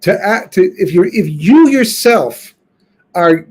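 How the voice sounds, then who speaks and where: Slow and animated, this high-pitched rabbi has a breathy edge as he leads his weekly Torah class. It's a conversational lecture of informal storytelling, with lots of thinking aloud and restarting.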